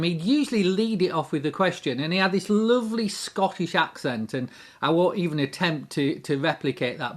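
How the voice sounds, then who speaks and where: A man's voice: sits high, fairly bright tone. A man giving a short devotional talk, earnest and reflective, posing many questions to the listener. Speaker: Christian devotional speaker.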